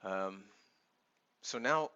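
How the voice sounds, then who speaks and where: A man's voice: low voice, lively intonation, drawn-out words, pushed and bright, clean tone, muffled recording. A man with a Canadian accent who teaches English online, giving earnest, reassuring advice to new teachers in a vlog. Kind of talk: advice vlog talking to camera.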